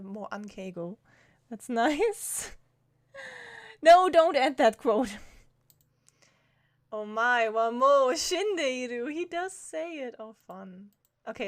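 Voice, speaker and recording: A woman streamer chatting through a game, excitable and quick to laugh and shout. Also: medium pitch, no echo, clean studio sound. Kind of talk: casual live-stream commentary.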